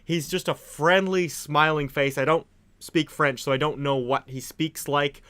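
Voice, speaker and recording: A man's voice: on the high side, steady tone, measured pace, a bit bright, clean tone. A young man co-hosting a casual political chat, talking in a chatty, hedging way and laughing often. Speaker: co-host.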